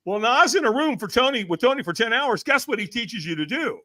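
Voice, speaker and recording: A middle-aged man tells a personal story as a podcast guest in a high, forceful voice. His pitch leaps around as he acts out what other people said. The telling stays animated from line to line. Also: fast. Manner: acts out quoted voices with big swings.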